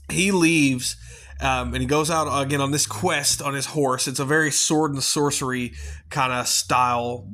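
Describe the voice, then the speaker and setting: Male reviewer, mid-pitched voice, casual and rambling, swears freely. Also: bright, forceful tone. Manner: rambling and chatty, with many fillers and casual swearing. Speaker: movie reviewer. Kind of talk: casual spoken movie review.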